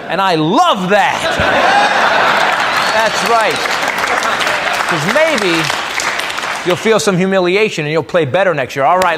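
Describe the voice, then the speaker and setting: A middle-aged American man with a high voice does a brash, ranting stand-up set on a club stage, full of crude punchlines. The live club recording has heavy background noise and loud crowd laughter.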